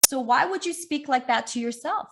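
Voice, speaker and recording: A middle-aged woman fitness coach, talking in an animated, emphatic way with lots of repetition during an online interview. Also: high voice, normal speed, gravelly.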